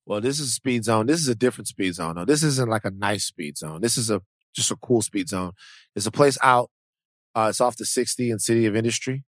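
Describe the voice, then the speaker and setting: Animated, stammering podcast man. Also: fairly low pitch, a little fast, no echo, studio quality. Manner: animated, swearing freely, restarts and stammers. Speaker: podcast co-host. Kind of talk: casual podcast chat.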